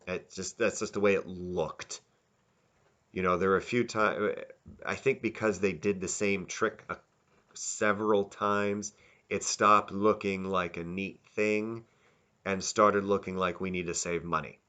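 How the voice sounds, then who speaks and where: A man's voice: sits low, steady tone, measured pace, pushed and bright. A man giving a casual, rambling spoken review, often restarting and correcting himself. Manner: rambling, self-correcting, candid. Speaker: video reviewer.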